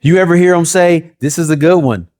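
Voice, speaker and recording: A pastor preaching a sermon in rhythmic, repeated phrases and rhetorical questions, dropping to a low hush when he quotes God. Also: fairly even intonation, brisk.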